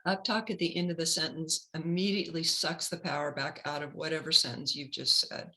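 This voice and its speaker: Brief: woman career counselor, very bright tone, steady teaching delivery for a webinar. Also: low-pitched, a little fast, poor audio. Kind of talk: webinar talk.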